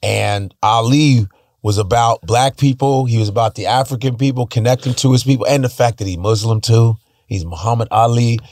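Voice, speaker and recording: A man telling stories as a podcast guest in a casual, animated and profane way. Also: medium pitch, moderate pace, dry recording, studio quality.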